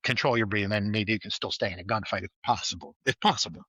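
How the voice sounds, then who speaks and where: Guest spot: male ex-trooper storyteller, vivid and animated, bright tone, dry close mic. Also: fairly low pitch, fast, no echo, rough recording. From New York. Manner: vivid, animated retelling with acted-out quotes. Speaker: guest, former state trooper. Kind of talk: storytelling in a casual interview.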